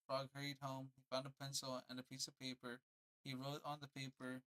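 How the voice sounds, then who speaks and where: A man's voice: medium pitch, completely flat delivery, a little fast, a bit bright, low-quality recording. A young man on a casual livestream, reading a children's storybook aloud with laid-back, slangy asides.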